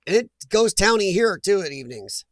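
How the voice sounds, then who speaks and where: A man's voice: high voice, very animated, brisk, dry recording. A man hosting a casual live chat, reading viewer names aloud and laughing often. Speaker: livestream host reading chat.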